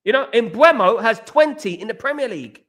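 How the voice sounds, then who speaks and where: A man's voice: extremely high pitch, expressive, a little fast, a bit bright. A man hosting a football fan channel, talking casually and animatedly to viewers, repeating himself and calling them guys. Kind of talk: casual football chat livestream.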